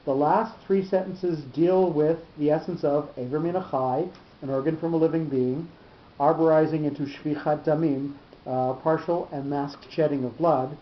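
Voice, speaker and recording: A man teaching a Torah study class, explaining slowly and often repeating his words. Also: on the high side, fairly even intonation, a little hiss or hum. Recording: roomy lo-fi class recording.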